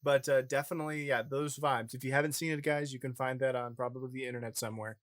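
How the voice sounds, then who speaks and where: A man's voice: medium pitch, fairly even intonation, fast, no room sound. Male podcast co-host, mid-range voice, dry booth sound, rambling joker. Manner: jokey, rambling. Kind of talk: casual chat.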